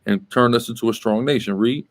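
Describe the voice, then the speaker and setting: A man's voice: medium pitch, brisk. Male teacher, mid-range voice, emphatic and scolding, keeps asking "right?". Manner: emphatic, tags statements with "right?"; scolding, directs the reader. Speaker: teacher leading a Bible class. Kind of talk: classroom Bible teaching.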